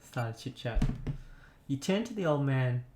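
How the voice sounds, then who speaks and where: A man's voice: mid-range voice, lively intonation, normal speed, background noise. A man casually commentating a retro game he remembers, reading its text aloud. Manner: chatty, nostalgic, reads on-screen text aloud. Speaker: let's play gamer. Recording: roomy echo.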